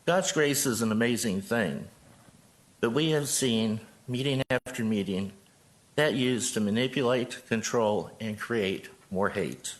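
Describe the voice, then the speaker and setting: Speaking a little slowly in a mid-range voice, a Joplin, Missouri pastor in his sixties delivers a prepared, earnest statement at a city council podium microphone as part of public comment.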